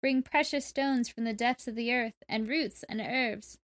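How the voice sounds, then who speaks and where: A woman voicing a wise, magical giant frog in a slow, formal, old-fashioned storybook manner. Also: a little high, natural voice. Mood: solemn.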